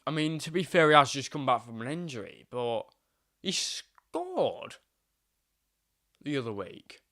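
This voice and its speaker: A young man hosting a live football stream, chatting casually and excitedly, rambling and swearing freely. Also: medium pitch, measured pace, dry recording, studio quality. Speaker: livestream host.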